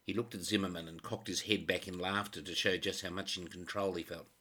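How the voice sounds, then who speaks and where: A man's voice: low-pitched, steady tone, brisk, few pauses, sharp tone, breathy edge. A man narrating a crime novel in a dry, sardonic manner. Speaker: audiobook narrator.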